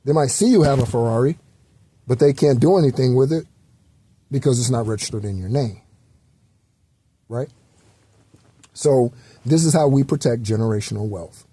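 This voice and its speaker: Rambling man with a mellow voice. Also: medium pitch, moderate pace, long pauses, husky, dry recording. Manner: loose, rambling, repetitive with fillers and occasional swearing. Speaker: spiritual channel host. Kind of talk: casual spiritual talk.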